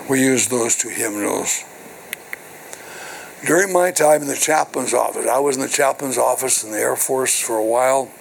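With a creaky, mid-range voice, an older minister preaches in church, reading scripture to his congregation and explaining it through call-and-response asides full of "hello" and "right." The rough recording has slight background noise.

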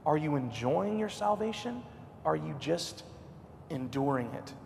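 High raspy preacher guy telling a story in a sermon, echoey hall. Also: animated, unhurried, a little hiss or hum. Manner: storytelling, dropping to a hush then rising high and loud.

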